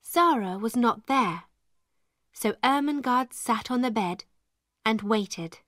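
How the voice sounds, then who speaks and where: A woman reading a story slowly and clearly for English learners. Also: on the high side, animated, a bit bright, dry recording, studio quality. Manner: clear and deliberate. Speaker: narrator.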